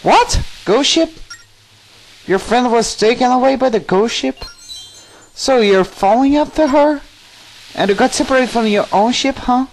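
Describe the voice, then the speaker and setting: A small chirpy fairy girl, put on by a man with a high voice. She is fussy and quick with questions. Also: expressive, a little hiss or hum, full character voice, low-quality recording. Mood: curious.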